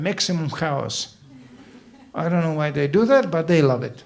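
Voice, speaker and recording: Animated storytelling male preacher. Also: a little high, normal speed, creaky. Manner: animated storytelling with acted voices; teasing, humorous asides. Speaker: spiritual teacher. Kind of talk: festival sermon.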